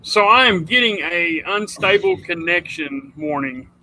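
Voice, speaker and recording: A man with a high, very bright and sharp voice hosts a loose livestream from his home computer. He rambles and chats freely. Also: expressive, a little slow, slight background noise, poor audio. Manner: rambling, chatty, says dude a lot. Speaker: livestream host. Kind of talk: casual livestream chat.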